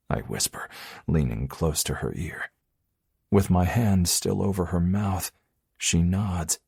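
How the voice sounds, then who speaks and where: Male narrator for a first-person romance audiobook, very deep and husky, with an intimate, measured read. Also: a little mellow, dry recording, clean studio sound.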